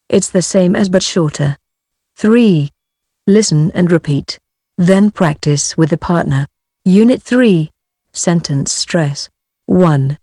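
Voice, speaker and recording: A woman narrating a pronunciation textbook's audio, reading instructions slowly and deliberately. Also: lowish voice, warm tone, no echo, studio quality.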